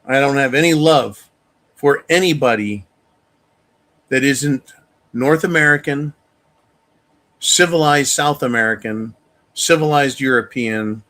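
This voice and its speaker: A man's voice: medium pitch, unhurried, pauses often, a bit bright. A man hosting a show, delivering an angry, profane monologue rant. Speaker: show host. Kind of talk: opinion monologue.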